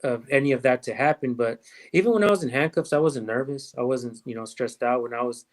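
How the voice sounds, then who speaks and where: Livestream host guy, rambly and thinking out loud, regular middle voice. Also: mid-range voice, brisk. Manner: rambling and reflective, trails off often. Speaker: host of a police-accountability livestream. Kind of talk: casual livestream chat.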